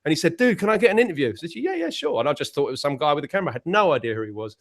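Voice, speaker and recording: Very animated and rapid-fire, with a fairly high pitch, this musician from the UK tells long, wandering stories on a casual panel in his English accent, constantly restarting his sentences.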